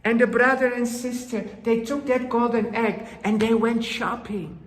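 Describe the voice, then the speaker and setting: A woman telling a folktale to children, dramatic and slow, with gasps and hushed asides. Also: a little high, fairly even intonation. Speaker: storyteller. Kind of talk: children's storytelling. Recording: roomy hall with long reverb.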